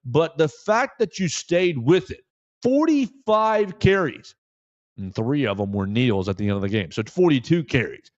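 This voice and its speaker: A man hosting a sports talk show, giving solo commentary in an animated way and repeating phrases for emphasis. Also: on the high side, normal speed, no room sound, muffled recording.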